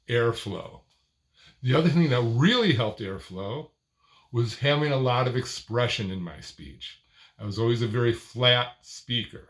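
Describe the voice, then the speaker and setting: An older man gives an instructional talk at a very unhurried pace, breaking his speech into short phrases and leaning on a word near the end of each. His tone is expressive and melodic, with a voice of middling pitch. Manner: expressive, sing-song phrasing. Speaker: speaking coach.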